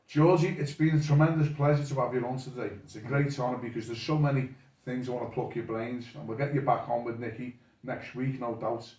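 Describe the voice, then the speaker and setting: A man's voice: mid-range voice, fairly even intonation, a little fast, darkish tone, distant mic. A man hosting a casual interview, giving short encouraging replies and closing the show. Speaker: podcast host. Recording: echoey room, voice off-mic.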